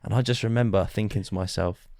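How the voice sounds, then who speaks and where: A man's voice: lowish voice, fast talker, creaky, dark tone, no room sound, studio quality. A man co-hosting a casual podcast, teasing and telling stories with frequent laughs. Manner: teasing storyteller, laughs a lot. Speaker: podcast co-host. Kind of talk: casual chat.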